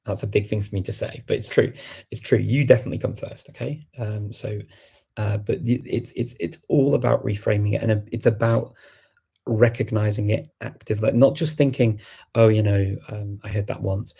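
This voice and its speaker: A man's voice: lowish voice, fairly even intonation, moderate pace, creaky, mellow, husky. A man hosting a language learning show, giving casual, reassuring and encouraging advice.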